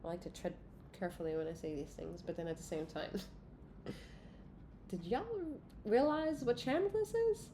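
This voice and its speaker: Congested low-voiced woman reading tarot. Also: lively intonation, normal speed, warm tone, slight background noise. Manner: loose, profane, giggly. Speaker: tarot reader. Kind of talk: casual spiritual reading, talking to viewers.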